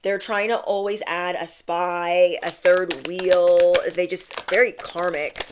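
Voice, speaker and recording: A young woman doing a casual spiritual tarot reading chats with viewers in an emphatic way. Her voice is on the low side, steady in tone and slow.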